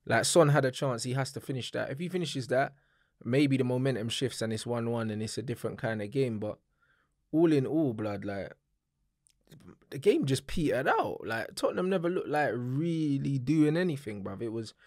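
A young man giving a calm, measured take on a football match in casual slang. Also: medium pitch, dry recording, clean studio sound.

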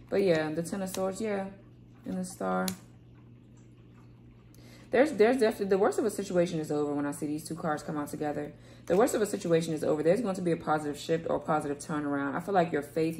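Woman, tarot reader, low-pitched, rambling, casual swearing, repeats herself. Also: a little mellow, a little hiss or hum. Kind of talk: casual tarot reading to camera. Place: home room, kids heard playing outside.

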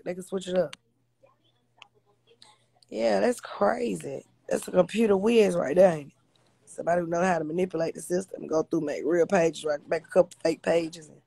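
A woman's voice: lowish voice, vocal fry, darkish tone, husky, dry recording. A woman hosting a casual livestream on her phone, blunt, profane and confrontational as she talks to viewers. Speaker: livestream host.

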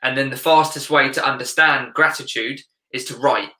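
A man's voice: medium pitch, steady tone, normal speed, echoey room, crowd noise. A man speaking as a guest life coach in a casual interview, earnest and reflective, often searching for words.

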